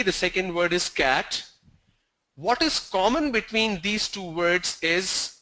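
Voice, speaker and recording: A male teacher with a high, bright voice gives an online pronunciation lesson over a video call. He talks slowly and deliberately, stopping to ask the class questions and going back over key points. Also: low-quality recording.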